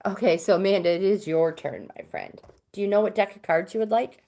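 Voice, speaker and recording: A woman's voice: medium pitch, brisk, mellow. Middle-aged woman, chatty livestream host reading cards, casual. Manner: chatty, reads viewer comments aloud. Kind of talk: casual live chat.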